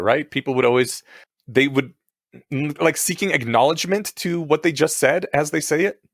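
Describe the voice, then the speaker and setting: A man co-hosting a podcast, chatting casually and relaxed, often agreeing briefly. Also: fairly high pitch, no echo, studio quality. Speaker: podcast co-host. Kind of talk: casual chat.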